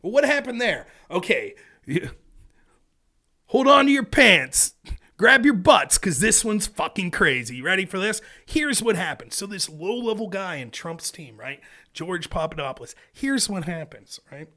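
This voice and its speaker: A man's voice: high voice, moderate pace. A man hosting his own live stream, giving a casual, profane political rant and often checking in with "right?". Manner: animated and profane, keeps asking "right?". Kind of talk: casual ranting commentary. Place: home streaming setup.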